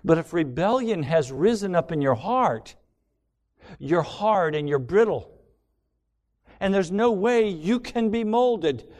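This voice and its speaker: A man's voice: sits high, lively intonation, slow, a little mellow. A man preaching a sermon, quoting hymn lines and asking pointed rhetorical questions.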